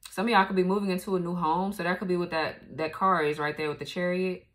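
Brief: woman tarot reader, lower-set voice, salty and blunt, quick laughs and sudden leaps in pitch. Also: fairly even intonation, fairly bright tone. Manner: blunt, profane, laughs often. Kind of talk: casual tarot reading.

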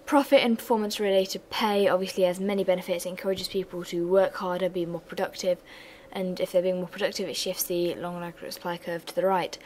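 A woman's voice: fairly low pitch, flat delivery, quick pace, few pauses, darkish tone, slight background noise, rough recording. A young woman giving an economics revision lesson, explaining steadily with chatty, self-deprecating asides. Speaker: revision tutor.

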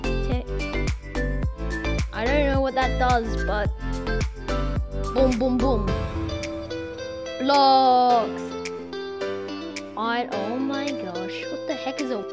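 A woman giving casual commentary over her own gameplay, excitable, yelping and trash-talking playfully. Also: high-pitched, very slow, long pauses. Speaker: gamer commentating own play. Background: children's music playing.

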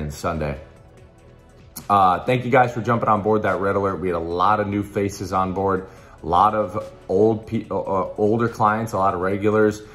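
A man with a very low voice makes a hyped, pushy pitch for his betting picks. His voice is a little hoarse, and he talks loosely, with plenty of fillers and restarts. Faint music plays underneath. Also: fairly bright tone. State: slightly hoarse. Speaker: sports betting tipster. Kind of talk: casual promotional pitch.

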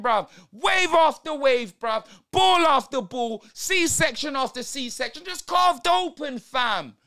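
A man's voice: very high voice, slow, few pauses. A young man with a London accent, streaming a live football watch-along and reacting to the match in heavy slang. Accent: London multicultural English. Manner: slangy, animated, exclaiming at the match.

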